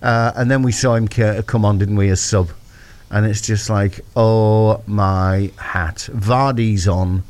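A man's voice: fairly low pitch, fairly even intonation, moderate pace, a little mellow. A man, recapping a football match on a breakfast radio show, telling it as a story and acting out his own thoughts.

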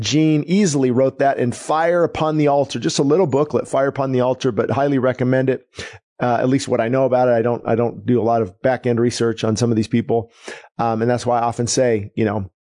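A middle-aged man preaching a sermon in an earnest, emphatic way, repeating key phrases and slowing down for emphasis. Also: mid-range voice, darkish tone. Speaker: pastor.

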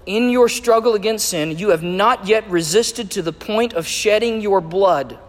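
A man preaching a sermon, measured and emphatic as he reads and explains scripture. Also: high-pitched. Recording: echoey hall with long reverb.

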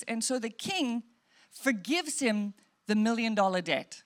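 A woman pastor with a high-pitched voice delivers a sermon. Her preaching is conversational and earnest, with asides to the congregation and quoted lines woven in. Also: a little slow.

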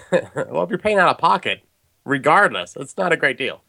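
Congested nasal man, animated. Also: a little high, moderate pace, vocal fry. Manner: laughing, animated storytelling. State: sick, congested. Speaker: podcast co-host. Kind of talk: casual chat.

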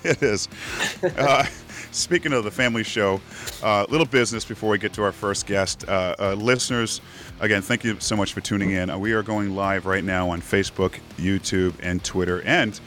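A man's voice: lowish voice, normal speed, fairly bright tone, slight background noise. A man hosting a live podcast, chatting casually with lots of fillers and laughs. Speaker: podcast host. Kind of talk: casual livestream chat.

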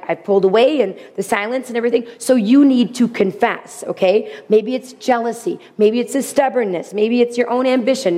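Middle-aged woman teaching a bible group, earnest, slightly high voice, acts out the quotes. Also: dark tone.

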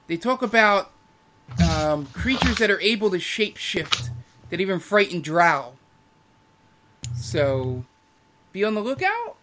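A man's voice: sits high, sing-song, unhurried, pauses often, noisy background, voice pushed up. A man voicing a male archive keeper who hands out warnings about dangerous books and creatures.

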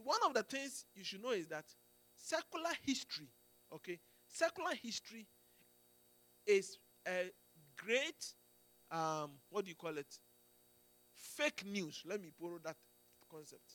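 Emphatic high-voiced preacher. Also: male voice, fairly bright tone. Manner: emphatic, with frequent restarts and "Amen"s and "Do you get it?". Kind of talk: sermon.

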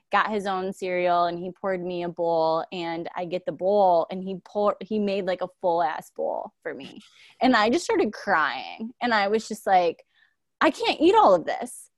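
A woman's voice: lowish voice, no echo, studio quality. A young woman in casual chat, telling candid personal stories and saying "like" a lot. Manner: candid, lots of "like", emotional storytelling.

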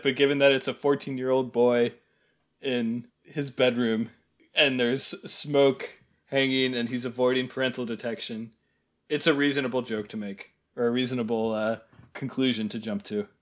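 A man's voice: medium pitch, steady tone, moderate pace, fairly bright tone. A man co-hosting a podcast, giving wry, rambling movie critique and laughing often. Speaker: podcast co-host. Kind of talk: casual chat.

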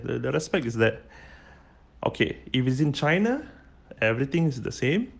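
A man teaches Mandarin phrases in a relaxed, chatty lesson. His voice sits at an ordinary pitch with a gravelly edge, and he spells words out letter by letter, explaining each step patiently. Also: normal speed. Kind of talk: casual spoken language lesson.

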